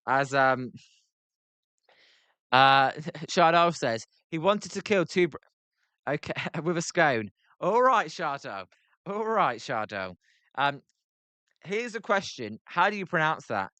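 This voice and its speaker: A man's voice: a little high, pushed and bright, smooth, dry recording. A British man hosting a casual live watch-along stream, reading chat messages aloud between play calls, with lots of ums and uhs. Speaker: livestream host.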